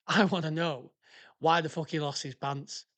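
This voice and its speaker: This podcast host, a former police officer, reacts to listener stories with heated, casual commentary, ranting bluntly and swearing a lot. His voice sits on the high side and is a bit bright, with a steady tone and a measured pace.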